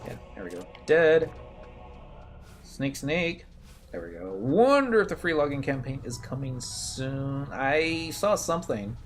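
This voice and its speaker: A man in his thirties talks over his gameplay in a loose, rambling way, drifting into old stories and poking fun at his own slip-ups. His voice sits at an ordinary middle pitch. Clear game music plays behind him. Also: very animated, a little slow. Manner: rambling, reminiscing, self-mocking. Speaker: game streamer. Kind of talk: casual gameplay commentary.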